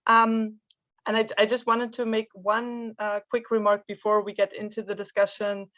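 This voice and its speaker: A woman's voice: mid-range voice, level tone, moderate pace, a bit bright. A woman speaking on a panel discussion, thoughtful and often restarting her sentences. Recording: dull lo-fi call audio.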